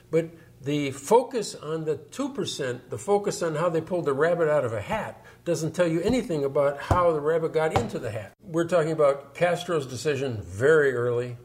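A man talking through history in an emphatic, storytelling way. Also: medium pitch. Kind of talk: explanatory discussion.

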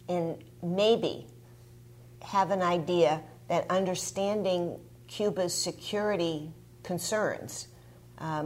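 A woman scholar explaining her research in a measured, academic way. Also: lowish voice. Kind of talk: explanatory discussion.

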